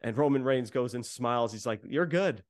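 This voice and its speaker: A man's voice: mid-range voice, fairly even intonation, brisk, no room sound, clean studio sound. A man on a podcast casually recapping a wrestling show, rambling with many fillers and acting out what was said. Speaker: podcast co-host.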